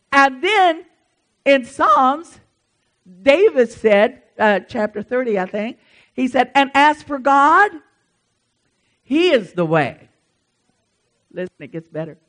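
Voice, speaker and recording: A woman preaching a sermon in church, swinging between hushed asides and loud emphatic lines. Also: high voice, lively intonation, slow pace, long pauses, low-quality recording.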